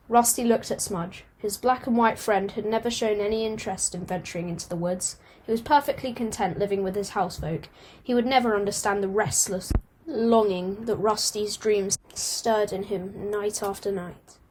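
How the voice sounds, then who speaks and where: A woman's voice: mid-range voice, moderate pace, few pauses, slight background noise. Woman reading a storybook aloud. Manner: steady reading with occasional stumbles and restarts. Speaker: audiobook reader.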